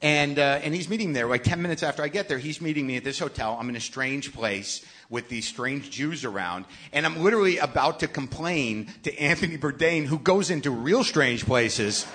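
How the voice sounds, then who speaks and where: A middle-aged man hosting a live podcast, telling a profane, exasperated comic story in sudden loud bursts. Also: on the high side, animated, moderate pace, hardly any pauses. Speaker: podcast host. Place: live stage show. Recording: live venue with faint noise.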